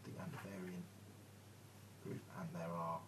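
A man's voice: low voice, flat delivery, a little slow. A man narrating as game master of a tabletop game, describing scenes with fillers. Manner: hesitant, with fillers. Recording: noisy room recording.

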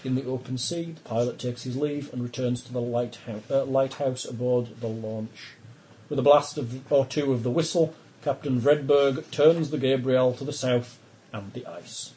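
Mellow-voiced male game master. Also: mid-range voice, moderate pace, slight background noise, rough recording. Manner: steady storytelling narration. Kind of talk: narrating a tabletop game.

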